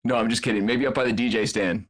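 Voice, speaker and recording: A man's voice: on the low side, fairly even intonation, fast. A man hosting casually, joking and rambling with hesitant restarts. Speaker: host. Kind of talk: casual chat.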